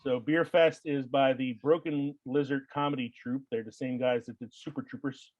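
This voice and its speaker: A man hosting a podcast in a loose, chatty way, trailing off into "uh" and "like" and laughing as he goes. His voice sits at an ordinary pitch. It is recorded close and dry, with no room sound. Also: steady tone, moderate pace, darkish tone, dry recording, highs cut off. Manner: rambling, laughs often, filler-heavy. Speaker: podcast host. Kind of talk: casual chat.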